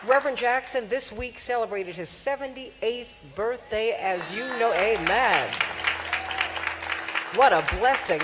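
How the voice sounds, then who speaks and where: A woman hosting a live forum, rousing the audience with repeated phrases and calls for applause. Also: on the high side. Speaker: forum host and radio host. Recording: long hall reverb.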